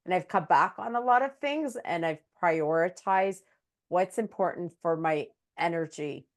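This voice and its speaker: A woman's voice: fairly low pitch, unhurried. A woman hosting an interview, telling stories in a chatty way and laughing often. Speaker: host, psychic medium. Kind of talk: casual interview chat.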